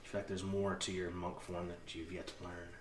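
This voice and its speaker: A low-voiced man runs a tabletop game, painting each moment in loose, vivid narration with plenty of "like" and "uh". He sits well back from the mic in an echoey room. A steady hiss of background noise runs under his voice. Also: brisk. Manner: vivid descriptive narration with frequent fillers. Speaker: game master. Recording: roomy, distant mic with clear background noise.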